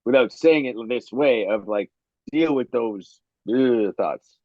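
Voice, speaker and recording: A man's voice: medium pitch, animated, slow, a little mellow, no room sound. A male comedian guest talking in a rambling, loose way over a video call, with many "like" fillers. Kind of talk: casual conversational interview. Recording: dry, dull lo-fi video-call audio.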